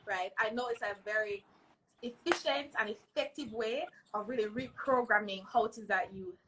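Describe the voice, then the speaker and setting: A woman's voice: on the high side, normal speed, noisy background. A woman, a mental health advocate earnestly giving advice in an interview, often checking in with "right?". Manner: earnest, emphatic, tags lines with "right?".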